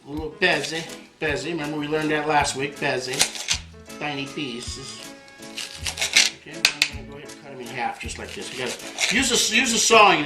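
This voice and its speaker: A chatty man hosting a home cooking demonstration, his voice sitting a little high for a man. He drops Italian words into his talk as he works. He sounds roomy and echoey in the kitchen, with music playing behind him. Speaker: cooking show host.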